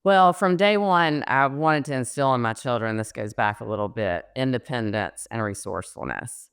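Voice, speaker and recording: A woman's voice: rumbling low, normal speed, smooth, no room sound, clean studio sound. A middle-aged woman, a mortgage loan officer, explaining credit scores in a casual podcast interview with frequent fillers.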